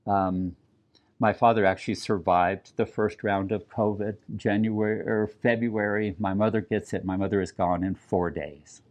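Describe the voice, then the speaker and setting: An older man from New Mexico, telling personal family stories at a community event in an earnest, reflective way, pausing and restarting as he speaks. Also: on the low side, fairly even intonation, a little mellow, muffled recording. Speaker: storyteller. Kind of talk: personal storytelling talk.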